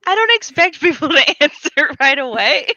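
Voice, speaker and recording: A woman and mother co-hosting a casual chat, animated and upbeat, acting out her own lines. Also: sits high, normal speed, dry recording, lo-fi sound. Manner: animated and upbeat, acts out what she says. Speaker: podcast co-host, mother.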